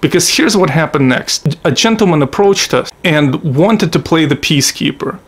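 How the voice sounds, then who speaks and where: Vlogger from Russia, slightly high voice, swears freely, rambling personal storytelling. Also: male voice, lively intonation, normal speed. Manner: profane, blunt, digressive. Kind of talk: casual storytelling monologue.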